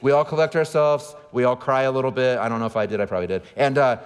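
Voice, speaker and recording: A man's voice: medium pitch, fast talker, clear, resonant tone. A man in his forties, a campus pastor, giving a conversational sermon with candid, self-deprecating stories. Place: church auditorium. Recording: reverberant hall.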